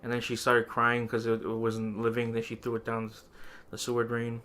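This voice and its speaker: A man's voice: mid-range voice, completely flat delivery, moderate pace, bright, forceful tone. A man co-hosting a podcast, telling a story in casual chat, laughing often and acting out quoted lines. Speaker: podcast co-host.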